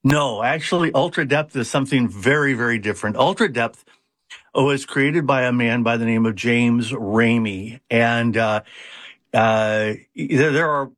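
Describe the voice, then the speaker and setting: A man's voice: mid-range voice, a little slow, a bit bright, no room sound, studio quality. A man who runs a hypnosis practice, explaining his methods in an interview with frequent fillers and restarts. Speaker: hypnotist, founder of a hypnosis center. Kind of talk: conversational interview answers.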